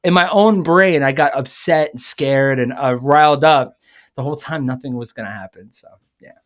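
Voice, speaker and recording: A man chatting as a guest on a podcast, spinning a lively personal anecdote. He talks casually, piles up fillers and restarts, and slips into other people's voices as he goes. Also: medium pitch, moderate pace. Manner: animated, acts out quoted voices; frequent fillers and self-corrections. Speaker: guest musician. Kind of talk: casual storytelling.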